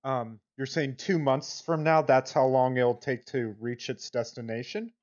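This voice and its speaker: Man doing a curious pilot, dry questions, mid-pitched, slightly muffled lo-fi audio. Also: fairly even intonation, unhurried, darkish tone, close to an everyday voice.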